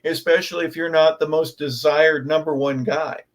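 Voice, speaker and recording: A man with a somewhat high voice hosting a conversational interview. He prompts his guest with friendly questions and short remarks. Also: steady tone, normal speed. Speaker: host.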